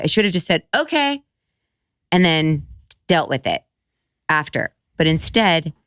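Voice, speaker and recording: A middle-aged woman with a low voice tells a story in casual podcast chat. She bursts into high, lively voices for the people she quotes and swears without pause. The sound is close and dry. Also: smooth, dry recording. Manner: animated, acts out quotes with big pitch jumps, swears freely. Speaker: podcast guest.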